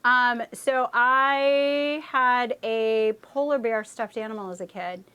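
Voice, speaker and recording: A woman's voice: on the high side, fairly even intonation, takes it slowly, pushed and bright, smooth. A woman hosting a casual chat while building a LEGO set, playful and making little sound effects. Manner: playful, tells stories with acted-out quotes and sound effects. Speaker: host.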